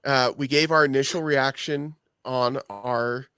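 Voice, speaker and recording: A man's voice: medium pitch, fairly even intonation, unhurried, pushed and bright, clean tone, no room sound, clean studio sound. A man co-hosting a movie podcast in casual chat, easygoing and self-deprecating, often restarting his sentences. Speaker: podcast co-host.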